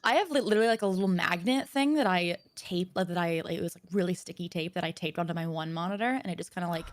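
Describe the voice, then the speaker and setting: A woman's voice: fairly low pitch, quick pace, no echo. A young woman guest in a casual chat, self-deprecating and laughing a lot. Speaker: guest streamer.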